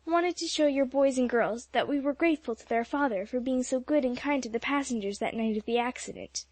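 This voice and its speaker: Woman reading as earnest teen boy, polite, hurried, lifted pitch, close dry mic. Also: a little mellow, no echo.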